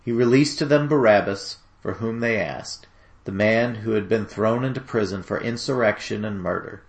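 A man narrating a dramatic scripture reading in a steady, solemn storytelling manner. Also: fairly low pitch, moderate pace.

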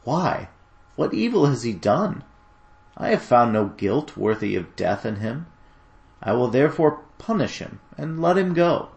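A man's voice: medium pitch, very animated, a little slow, creaky. A man voicing a troubled, wavering Roman governor who questions and pleads with a crowd, in a dramatic scripture reading. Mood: pleading.

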